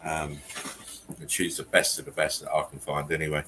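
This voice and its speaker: A man's voice: a bass voice, monotone, fairly quick, pushed and bright, slight background noise. A man hosting a casual online chat, reading out memes and laughing heavily until he is in tears. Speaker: channel host.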